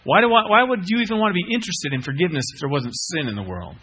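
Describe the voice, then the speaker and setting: A man's voice: sits high, very animated, very fast, pushed and bright, slightly rough. A middle-aged man preaching a sermon, earnest, repeating key phrases and putting questions to the listeners. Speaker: pastor.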